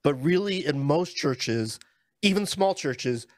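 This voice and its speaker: Brief: wry ex-minister guest, lightly raised pitch, dry close mic. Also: male voice, slow, no room sound. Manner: animated, wry, conversational. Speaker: podcast guest, former minister. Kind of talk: casual interview chat.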